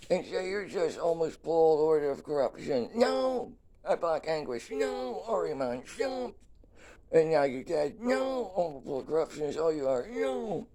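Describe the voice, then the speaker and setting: A man speaking a solo monologue in fragmented bursts, often cutting himself off mid-sentence and swinging between shouting and quiet, flat delivery. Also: a little high, a little slow, vocal fry. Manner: fragmented, keeps cutting himself off with short interjections.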